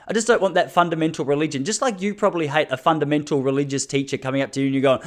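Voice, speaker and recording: A man's voice: mid-range voice, very fast. An Australian man in his thirties hosting a solo podcast, talking bluntly and laughing between points. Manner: fired-up, blunt, laughs often, acts out quotes. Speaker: podcast host. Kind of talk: casual solo podcast monologue.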